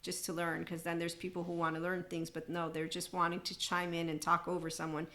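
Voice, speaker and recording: A woman hosting a solo spiritual self-help podcast, talking in a rambling, excitable way that breaks into snatches of song and laughter. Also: on the low side, a little fast. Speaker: podcast host.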